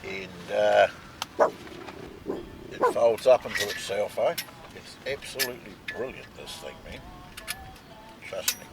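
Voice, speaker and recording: A man's voice: fairly low pitch, measured pace, pauses often, music in the background. Chatty New Zealand man at camp. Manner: chatty, peppers talk with "mate" and "eh". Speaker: vlog co-host. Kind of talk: casual outdoor vlog chat. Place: outdoor campsite.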